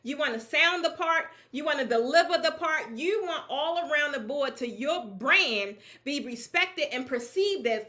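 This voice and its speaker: A woman with a high voice speaks at normal speed with hardly any pauses, giving a casual talk to peers about her draping business. She's energetic, emphatic and colloquial, laughing often.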